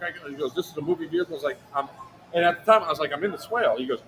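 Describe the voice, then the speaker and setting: A man telling a story in casual chat on a livestream, animated and profane, acting out other people's lines. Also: a little high, very fast, slight background noise, poor audio. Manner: animated, profane, acts out quotes in a raised voice. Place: outdoor airsoft event.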